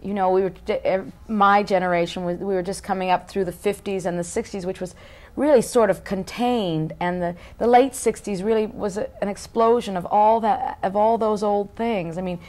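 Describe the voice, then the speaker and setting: A woman's voice: medium pitch, fairly even intonation, normal speed, a little mellow. A woman in her thirties, a guest in a casual interview, musing aloud and often breaking off to restart her sentences.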